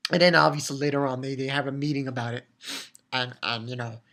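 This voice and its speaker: Woman with a low voice, a loose and excitable recap host who swears and restarts her sentences. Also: fast talker. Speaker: anime reviewer. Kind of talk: casual episode recap.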